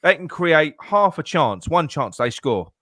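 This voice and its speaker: A man's voice: fairly high pitch, sing-song, a little slow, a bit bright, no room sound, clean studio sound. A man talking football on a podcast, swearing often and restarting his sentences. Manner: swears a lot, stumbles and restarts, heated. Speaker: podcast co-host. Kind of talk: casual football chat.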